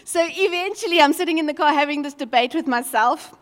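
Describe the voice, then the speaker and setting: A woman preaching a sermon as a lively, expressive storyteller. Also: sits high, quick pace, big-room sound.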